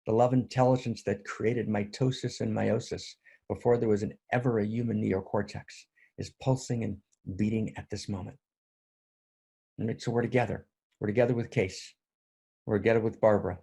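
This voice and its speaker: Earnest, tired male spiritual teacher with a gravelly voice; repeats himself and keeps checking in with his audience. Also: fairly low pitch, steady tone, normal speed, warm tone. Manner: earnest, repetitive, often asks "right?". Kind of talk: livestreamed spiritual talk.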